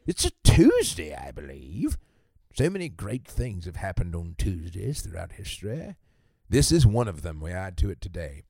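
A man's voice: mid-range voice, dry recording, clean studio sound, voice pushed up, close to an everyday voice. A man voicing a jolly old-fashioned Christmas storyteller, in a theatrical sing-song delivery.

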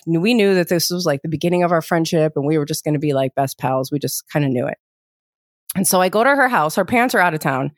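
A woman's voice: fairly low pitch, no echo. Rambling woman podcast host, dry mic. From lived abroad as a teen, international school. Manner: rambling, many "like" fillers, animated retelling. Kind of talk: casual storytelling chat.

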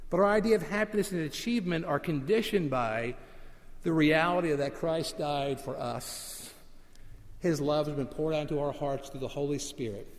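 A middle-aged male pastor preaching in a relaxed, story-driven way, his voice sitting a little higher than most men's. He leans on slow, emphatic repetition, and a long hall reverb trails every phrase. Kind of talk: sermon.

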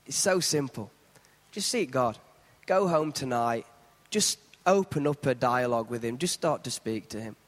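A man's voice: mid-range voice, normal speed, in a large hall. A man, hosting a church gathering and encouraging the listeners before a closing prayer. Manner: encouraging, steady. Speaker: host. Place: church hall.

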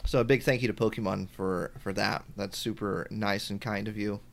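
A man co-hosting a casual podcast, talking in a relaxed way with frequent ums and restarts. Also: lowish voice, normal speed, creaky. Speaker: podcast co-host. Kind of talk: casual chat.

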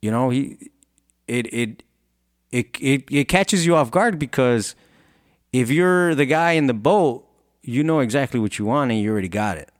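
A man's voice: mid-range voice, expressive, normal speed, no echo, clean studio sound. A man who founded a clothing brand and has kids, giving an earnest, rambling motivational talk. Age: adult with children. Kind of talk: motivational monologue.

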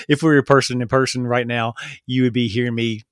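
Guy doing a solo podcast, gets excited and trips over words, dry close mic, pretty average pitch. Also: brisk, smooth, dry recording. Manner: earnest, excitable, with frequent stumbles and restarts. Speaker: podcast host. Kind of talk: solo motivational podcast talk.

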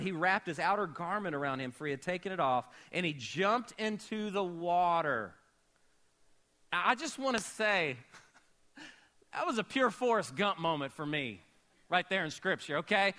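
A man pastor preaching a sermon, animated, moving between shouting and hushed storytelling. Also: sits high, unhurried.

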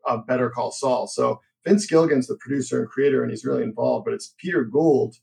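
A man's voice: medium pitch, fairly quick, creaky, a little mellow, a little hiss or hum, rough recording. A man co-hosting a podcast, explaining things in a casual, rambling way with frequent restarts. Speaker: podcast co-host.

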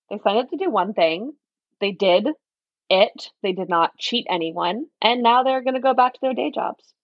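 A woman's voice: a little high, animated, moderate pace, dry recording. A woman co-hosting a casual news podcast, teasing her co-host in a wry manner. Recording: dull dry sound.

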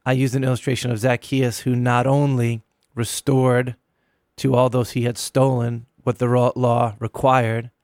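A middle-aged male pastor talks through a sermon he gave, earnest and emphatic, stretching out single words for weight. His voice sits at an ordinary pitch and is captured close and dry, with no room sound around it. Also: darkish tone, no room sound. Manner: earnest, emphatic, slows to stress key words. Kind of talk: recounting a sermon.

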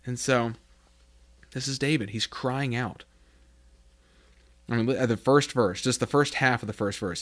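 A man's voice: mid-range voice, measured pace, long pauses, fairly bright tone. A man giving informal devotional teaching, talking casually with fillers and reading scripture aloud with rising emphasis. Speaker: preacher.

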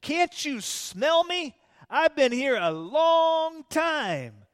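A man voicing a bitter, long-sick man who complains loudly in disbelief, with a long hall echo. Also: very high voice, sing-song, very slow, voice pushed up, heavily acted. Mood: incredulous. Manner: whiny, incredulous, raised voice.

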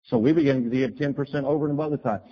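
A man preaching a sermon, telling a personal story and acting out his own words with animated bursts. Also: medium pitch, rapid-fire. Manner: storytelling, animated bursts when quoting himself. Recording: dull lo-fi recording.

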